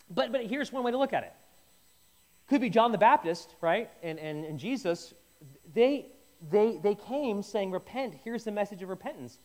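A man's voice: high-pitched, a little mellow. A man leading an informal Bible teaching, conversational and jokey, often stopping and restarting mid-sentence. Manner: conversational, self-interrupting, jokey asides. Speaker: pastor.

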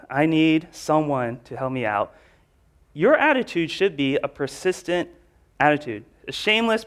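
Chatty man preaching a sermon. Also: fairly high pitch. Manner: storytelling, chatty, with filler words. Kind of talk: casual conversational sermon.

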